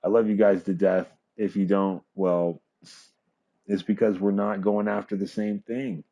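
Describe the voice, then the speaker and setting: A male streamer talking through a casual livestream, rambling with fillers, swearing and chuckling. His voice sits low and sounds mellow and relaxed. He drifts loosely from one thought to the next. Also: a little slow, lo-fi sound. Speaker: streamer and show host.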